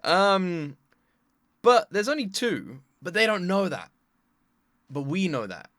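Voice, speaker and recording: A man hosts an anime reaction in an excitable, joking way, his voice bright and bouncing across a wide pitch range. He sits a little high for a man. Faint music plays under him. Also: slow pace, dry recording, studio quality. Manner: excitable, animated, jokey, swears freely. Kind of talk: casual reaction commentary.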